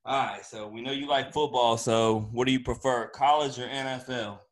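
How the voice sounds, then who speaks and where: Male co-host, mid-pitched, easygoing and chatty. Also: steady tone, normal speed. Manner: chatty, laid-back. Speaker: podcast co-host. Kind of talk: casual podcast game host.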